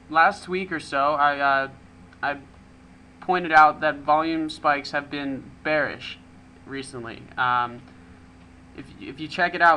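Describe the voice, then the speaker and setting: Man, market commentary host, bright sharp tone, slightly high voice, ums and restarts. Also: a little hiss or hum, poor audio. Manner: brisk, with frequent ums and restarts. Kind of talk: casual market commentary over charts.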